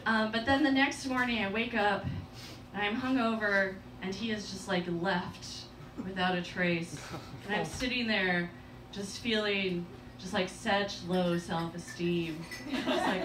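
A woman stand-up comedian telling a story in an animated, self-deprecating way, full of quick asides. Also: mid-range voice. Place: comedy club stage. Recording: echoey club, distant mic, noisy.

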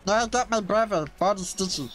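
A woman's voice: medium pitch, brisk, over music, close to an everyday voice. A woman voicing Stitch, a small mischievous blue alien, giggling and cheering while gaming. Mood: playful. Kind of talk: playing a character while gaming.

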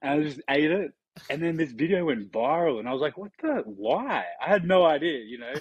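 A man's voice: on the high side, fast, husky, highs cut off. A young Australian man chatting casually as a podcast guest, rambling with many fillers and restarts. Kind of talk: casual chat.

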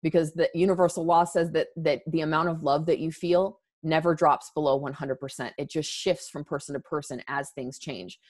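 A low, slightly mellow voice, fairly even in intonation, moderately paced with hardly any pauses, belongs to a woman in her thirties guesting on a podcast. Close to tears, she speaks candidly and emphatically, often beginning sentences again.

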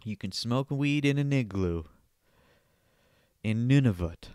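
A man's voice: mid-range voice, expressive, takes it slowly, darkish tone, smooth, no room sound. A young man hosting a casual solo podcast from Canada, rambling and joking, swearing freely and sniffling now and then, on a close desk microphone. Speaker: podcast host.

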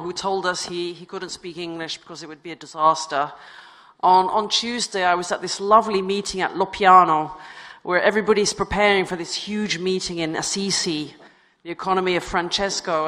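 A woman's voice: lowish voice, fairly bright tone. A woman giving a conference talk in a chatty, self-deprecating way, with many fillers and restarts. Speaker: conference speaker. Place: conference hall. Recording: reverberant conference hall.

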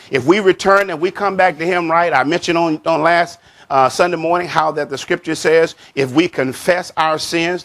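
A man preaching a sermon as pastor, repeating and stressing key words, stretching scripture phrases slowly and sinking his voice at the end of each point, with frequent calls of amen. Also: a bit bright. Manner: drops pitch and volume at the end of a point; frequent amen and child of God to the congregation.

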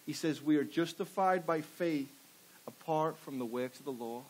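Middle-aged guy preaching, fired up, keeps tossing questions at the crowd, voice sits a bit high. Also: normal speed. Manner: passionate, rhetorical questions to the congregation. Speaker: pastor. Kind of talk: sermon.

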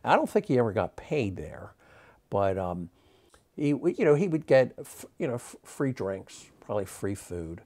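A man's voice: medium pitch, big pitch swings, normal speed, a little mellow. A man, a magic historian, telling anecdotes in an interview, rambling with many fillers. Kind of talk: interview storytelling.

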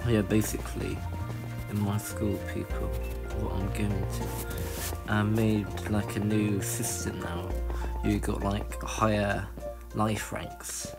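A young man giving rambling, excitable commentary while playing a video game. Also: measured pace, creaky, music in the background. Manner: excitable, rambling, jumps to high squeals. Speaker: gaming channel host. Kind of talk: casual let's-play commentary.

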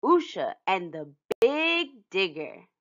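A woman reading a picture book aloud for children's storytime, animated, with playful sound effects. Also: mid-range voice, takes it slowly, highs cut off.

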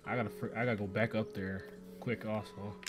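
A man's voice: fairly low pitch, steady tone, brisk. A man muttering profane, frustrated commentary as he plays a game, with sudden startled outbursts. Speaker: gameplay streamer. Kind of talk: live gameplay commentary. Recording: game music loud behind the voice.

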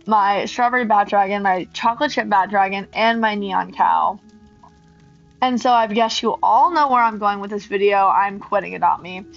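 A woman hosting a gaming channel, telling a casual story in a rambling, animated way with lots of ums. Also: mid-range voice, vocal fry, highs cut off. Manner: rambling, animated retelling with many fillers.

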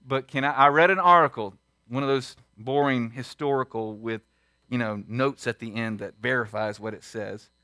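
A man preaching a sermon as pastor, emphatic and full of rhetorical questions, swinging between loud and hushed. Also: mid-range voice, moderate pace, no room sound, studio quality. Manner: asks the congregation many rhetorical questions. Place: church sanctuary.

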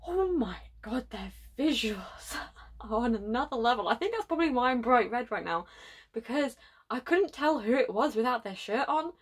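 A young woman hosting a reaction vlog, gushing breathlessly, sighing and slipping into soft whispers as she talks. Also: fairly high pitch, animated, normal speed, slightly rough. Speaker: reaction video host. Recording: faint music behind.

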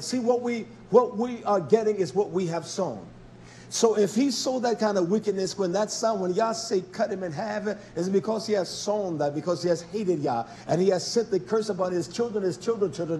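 Male preacher, high-pitched, fiery sermon that drops low then builds to shouts, repetitive. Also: slight background noise. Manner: impassioned, swings from quiet asides to shouting; repetitive, rhetorical questions to the congregation.

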